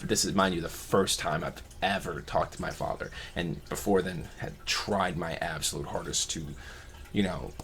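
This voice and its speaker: Low-voiced male vlogger, reflective confessional storytelling, loose and rambling. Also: a bit bright. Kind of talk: personal storytelling.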